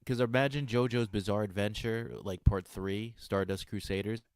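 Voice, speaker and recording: A man's voice: lowish voice, fairly even intonation, moderate pace, darkish tone, dry recording, clean studio sound. A young man co-hosting a stream, talking bluntly and with emphasis. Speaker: stream co-host. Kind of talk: casual stream chat.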